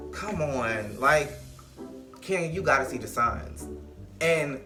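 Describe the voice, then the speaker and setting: A man giving a casual, sassy recap of a reality show on his vlog, animated and outspoken. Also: on the high side. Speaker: vlogger, reality TV commentator.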